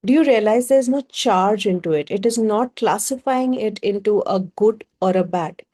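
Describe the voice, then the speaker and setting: Bengali-accented indian woman running a workshop, soft mellow tone, lots of rhetorical questions. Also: mid-range voice, normal speed. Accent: Indian English, Bengali. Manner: animated, poses rhetorical questions to the group. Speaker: workshop facilitator. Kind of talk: teaching a group workshop.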